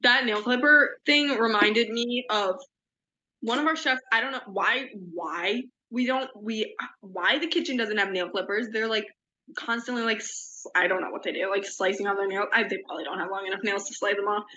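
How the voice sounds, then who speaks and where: Bright-voiced young woman, muffled audio. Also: medium pitch, moderate pace, slight background noise. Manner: rambling, self-deprecating. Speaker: podcast co-host. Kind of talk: casual chat.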